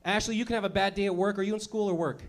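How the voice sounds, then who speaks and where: A man's voice: high-pitched, steady tone, very fast. A man in his thirties doing profane stand-up comedy, working the crowd and laughing at his own jokes.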